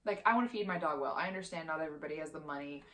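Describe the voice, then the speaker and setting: A woman's voice: deep voice, racing, a bit bright. A woman in her twenties ranting as a vlogger, heated and profane, swearing constantly. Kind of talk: heated opinion rant.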